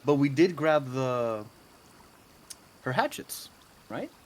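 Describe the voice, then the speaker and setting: A man's voice: mid-range voice, lively intonation, slow. A man playing a tabletop game, talking casually and hesitantly with many fillers. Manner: hesitant, filler-heavy planning talk. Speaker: player. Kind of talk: casual chat.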